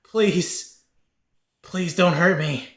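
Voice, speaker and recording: A terrified old dwarf with a bushy white beard, played by a man for a tabletop game, begging in a raised, quavering pitch. He sounds loud and afraid. The room echoes around him. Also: moderate pace, natural voice. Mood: pleading. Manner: pleading, high and frightened.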